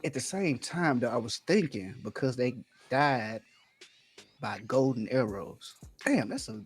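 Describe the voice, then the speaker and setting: A man's voice: medium pitch, big pitch swings, measured pace, husky. A man co-hosting a podcast, telling a story in a laid-back way, laughing through it and swearing often. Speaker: podcast co-host. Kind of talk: casual podcast chat.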